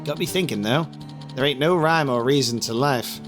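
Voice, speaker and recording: A man's voice: medium pitch, normal speed, over music, natural voice. A man voicing a down-on-his-luck middle-aged man in a video game who has found his confidence again, talking in a folksy way. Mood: grateful.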